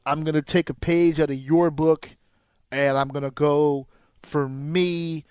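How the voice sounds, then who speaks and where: A man's voice: fairly high pitch, fairly even intonation, measured pace, a little mellow, clear, resonant tone, no room sound. A man co-hosting a podcast, chatting casually, laughing often and swearing. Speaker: podcast co-host. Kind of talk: casual banter.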